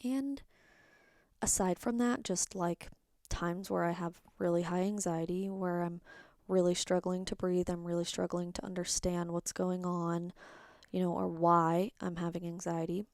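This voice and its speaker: A woman's voice: on the low side, level tone, measured pace, darkish tone, dry recording, studio quality. A woman hosting a personal solo podcast, talking candidly and rambling, sometimes dropping into a whisper. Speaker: podcast host.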